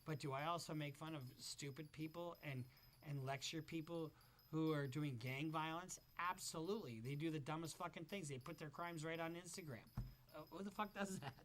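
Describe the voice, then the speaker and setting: A man's voice: a little high, normal speed, a bit bright. Blunt, profane male commentary host. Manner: blunt, profane, conversational, thinking aloud. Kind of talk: casual reaction commentary.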